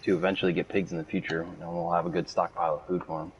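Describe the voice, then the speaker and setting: A man with a very low, slightly husky voice chats offhandedly during a shared game session. His voice comes through muffled and distant over voice chat. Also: level tone, very fast. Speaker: co-player on a game stream. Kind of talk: casual gaming chat.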